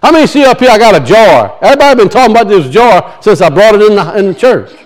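A man's voice: sits high, sing-song, quick pace. A male pastor, preaching a sermon in a church and telling a folksy story with frequent chuckles.

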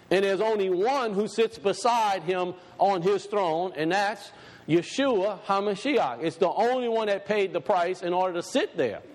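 A high-pitched man preaches a sermon, putting questions to the congregation and slowing down to stress key words.

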